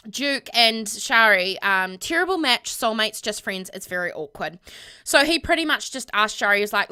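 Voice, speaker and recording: A young woman chats her way through a gameplay story in a bright, forward voice that sits a touch high. She rambles, stacks up fillers and keeps the tale rolling in a casual, talky way. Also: clean tone. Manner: chatty, rambling, with many fillers. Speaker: gameplay vlogger.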